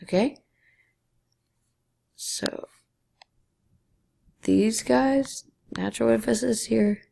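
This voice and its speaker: Taking her time, this Spanish teacher explains each grammar rule step by step in a patient lesson, whispering the important syllables. Her voice is dark and deeply gravelly, her pace very slow, with slight background noise in the recording.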